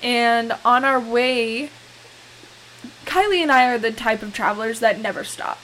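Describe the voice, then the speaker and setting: A woman's voice: a little high, measured pace, a bit bright, low-quality recording. Giggly young woman telling a story. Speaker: podcast co-host. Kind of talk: casual storytelling chat. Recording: faint hiss.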